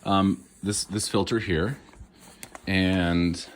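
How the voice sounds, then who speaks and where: Low-voiced guy cold in his garage, chatty and jokey, lots of noise behind him. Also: fairly even intonation, extremely slow. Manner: chatty and rambling, self-mocking asides. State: cold, shivering. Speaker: online reseller. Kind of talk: casual unboxing vlog.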